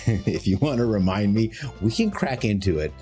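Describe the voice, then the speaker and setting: A man's voice: fairly low pitch, big pitch swings, normal speed, darkish tone, faint music behind. A man from Canada, chatting on a live stream, effusive and jokey as he gushes thanks to his chat.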